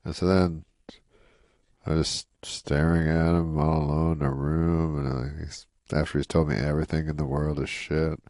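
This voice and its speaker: A comedian telling a rambling anecdote on a talk show, deadpan and full of "you know" and "uh". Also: male voice, rumbling low, normal speed, no room sound, studio quality. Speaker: comedian guest.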